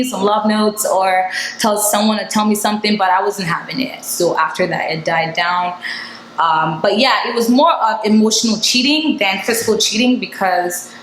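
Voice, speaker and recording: A woman's voice: mid-range voice, normal speed, fairly bright tone, roomy sound, slight background noise, rough recording. A young woman from Nigeria telling a candid storytime to her vlog viewers, chatty and full of fillers. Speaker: vlogger. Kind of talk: casual storytime chat.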